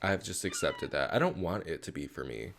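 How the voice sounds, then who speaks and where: A man's voice: deep voice, wildly swooping pitch, brisk, vocal fry, fairly bright tone, slight background noise. A man streaming a game live, chatting casually and rambling with his viewers. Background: game music.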